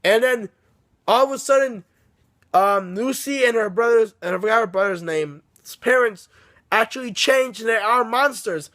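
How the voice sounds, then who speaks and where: A man's voice: sits high, normal speed, bright, forceful tone, no room sound. A young man casually recapping a book, rambling, swearing and apologizing as he laughs along. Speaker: book reviewer. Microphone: phone camera.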